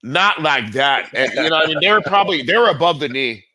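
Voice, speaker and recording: A man's voice: a little high, expressive, quick pace, over a noisy crowd. A middle-aged man telling stories as a guest in a casual interview, rambling and profane, full of fillers. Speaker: guest skateboarder.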